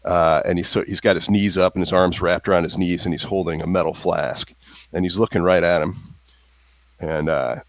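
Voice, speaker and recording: A man's voice: deep voice, steady tone, normal speed. A man playing a tabletop game, loosely describing his character's actions. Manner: loose, rambling scene description. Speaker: player.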